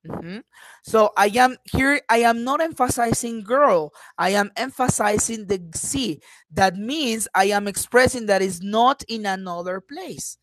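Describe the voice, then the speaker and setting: Woman teacher, patient and repetitive, middle pitch. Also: expressive, no room sound, poor audio. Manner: patient, repeats words slowly, frequent "uh-huh" fillers. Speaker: English teacher. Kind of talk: online phonetics lesson.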